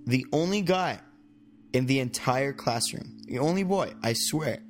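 A man's voice: mid-range voice, unhurried, faint music behind. A young man co-hosting a casual podcast, telling a rambling story and acting out what people said. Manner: rambling, animated storyteller who acts out quotes. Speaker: podcast co-host telling stories.

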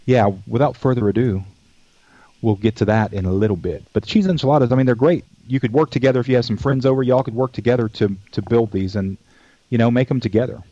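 A man's voice: mid-range voice, fast, warm tone, no echo. A man hosting a cooking show, chatting casually in a folksy, rambling way and telling jokes along the way. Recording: dull dry lo-fi recording.

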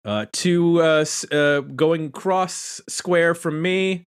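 A man's voice: fairly high pitch, slow pace, clear, resonant tone. A man hosting a casual podcast roundtable, chatty and self-deprecating as he introduces guests. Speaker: podcast host.

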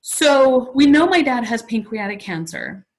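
A woman's voice: a little high, very animated, measured pace, poor audio. A woman in her forties, a podcast guest, telling a personal story in a chatty, emotional way with many "like" fillers. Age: 40s.

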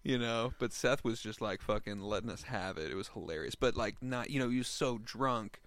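A man's voice: lowish voice, moderate pace, a bit bright, dry recording. A young man casually telling a story, full of "like" and "you know" and swearing. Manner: rambling, swears a lot, fillers like "like" and "you know".

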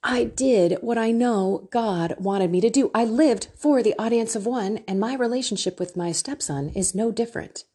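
A woman's voice: a little high, moderate pace, few pauses, warm tone, slightly rough. A middle-aged woman talking candidly and emotionally to an online faith group, with a self-deprecating manner. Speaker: faith and life coach.

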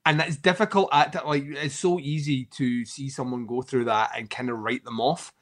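A man's voice: medium pitch, fairly even intonation, moderate pace, a bit bright. A man co-hosting a casual film chat, rambling, laughing often and swearing freely.

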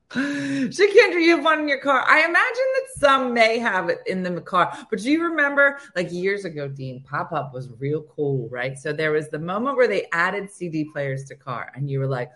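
A woman's voice: fairly low pitch, moderate pace. A woman co-hosting a casual comedy chat who tells stories with animation and teases her co-host. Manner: animated storyteller, playful teasing.

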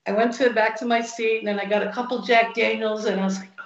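In a fairly high voice with vocal fry and a fairly level intonation, a woman who plays blues guitar rattles off stories in a casual interview, voicing the people she quotes. The sound is lo-fi, dull and echoey with room.

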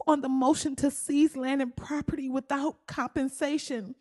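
A woman hosts a comedy podcast alone, speaking. She is blunt and profane and keeps jumping into high, animated exclamations. Her voice is dry and close to the mic, with no room sound. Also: moderate pace, few pauses, no room sound. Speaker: podcast host.

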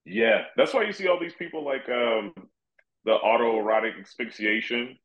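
A man who is a guest comedian, telling animated, profane stories in casual chat. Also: mid-range voice, moderate pace. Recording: roomy, dull-sounding audio.

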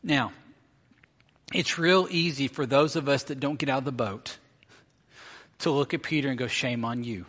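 A man's voice: medium pitch, normal speed, long pauses, fairly bright tone. A middle-aged man preaching a sermon as a pastor, telling a story and acting out the quoted lines. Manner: storytelling, acts out quotes with rising intensity. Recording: long reverb of a large hall.

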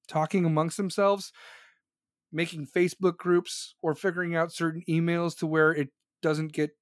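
Man, high-pitched, dry close sound, heated profane lecturing monologue. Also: dry recording. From United States. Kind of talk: profane political rant.

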